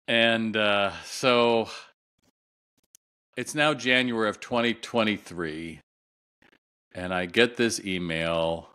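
A man's voice: sits low, slow pace, pauses often, bright, forceful tone, clean tone. A middle-aged man, a guest retail consultant, telling a long story in an interview and acting out the voices of the people in it.

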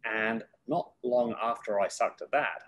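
A middle-aged man, a guest in an interview, telling stories from his career in a lively way and acting out the voices of people he quotes. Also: medium pitch, unhurried, muffled recording. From United Kingdom. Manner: lively storyteller who acts out quoted voices. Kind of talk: casual interview storytelling.

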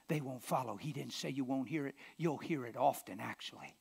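A man preaching a sermon in a church, emphatic and impassioned, sometimes shouting and sometimes dropping almost to a whisper. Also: medium pitch, brisk, gravelly, hardly any pauses, husky.

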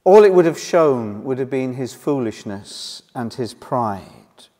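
A man from Wales preaches a sermon in a reverberant church hall, his mid-range voice expressive with a dark tone. He speaks slowly and earnestly, his emphasis rising and falling as he leans hard on key words.

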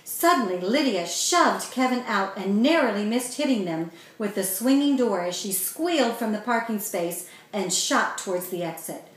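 A woman author reading her children's story aloud in a steady, clear way. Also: mid-range voice, normal speed, hardly any pauses. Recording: very echoey room.

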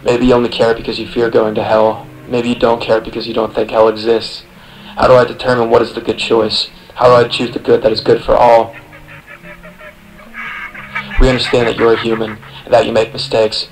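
A man's voice: medium pitch, monotone, brisk, slight background noise, poor audio. Sardonic young man narrating an essay. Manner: sardonic, profane, second-person address. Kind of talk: scripted voice-over narration.

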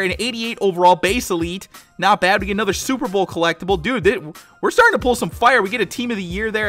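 A young man, a gaming YouTuber, commenting on card pack openings in a casual, excited way and shouting with joy at big pulls. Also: high-pitched. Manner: hyped, exclaims loudly at big pulls; casual, says dude and guys a lot.

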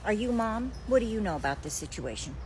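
A sarcastic, unimpressed police officer, as a woman puts one on in a comedy skit. The delivery is dry, but the pitch moves around a lot. There is faint noise in the background. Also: sing-song, fairly quick, darkish tone, lightly acted. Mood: deadpan.

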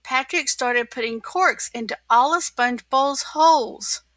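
A woman narrating a children's storybook aloud, reading clearly and expressively. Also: sits high, measured pace, a bit bright, no room sound. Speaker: storybook reader.

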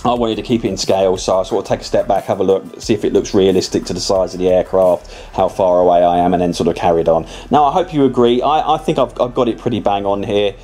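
Easygoing man with a mellow, low voice. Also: fairly even intonation, quick pace, hardly any pauses. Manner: rambling, chatty, self-correcting, with many restarts. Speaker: scale model builder. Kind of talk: casual voice-over tutorial.

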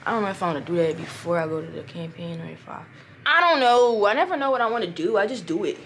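A hoarse young woman vlogging casually in a hotel room, rambling loosely and swearing now and then. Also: medium pitch, expressive, fast talker, background noise. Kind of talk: casual vlog chat. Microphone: small clip-on mic.

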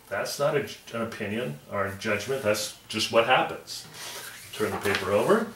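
A man's voice: medium pitch, animated, unhurried, roomy sound, recorded from a distance, a little hiss or hum. A male teacher reading a story aloud and patiently explaining it to his class.

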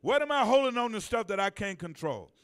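This is a male pastor preaching in a church sanctuary, his voice high-pitched, sing-song, smooth and fairly bright. He invites the congregation to respond and lingers on important phrases to stress them.

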